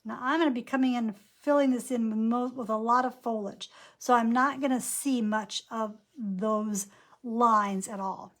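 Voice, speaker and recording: A woman's voice: fairly high pitch, fairly even intonation, normal speed. A woman teaching a painting class, talking through each brushstroke as she works. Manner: chatty, narrates each brushstroke aloud. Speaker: painting instructor. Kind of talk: live painting lesson.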